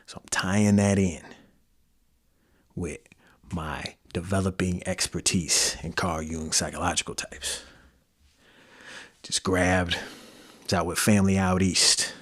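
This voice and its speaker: Man, Midwestern accent, very deep pitch, casual solo podcast talk, slang and fillers. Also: fairly even intonation, slow pace, long pauses, fairly bright tone. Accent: Midwestern American. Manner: loose, conversational, with slang and fillers. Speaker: podcast host.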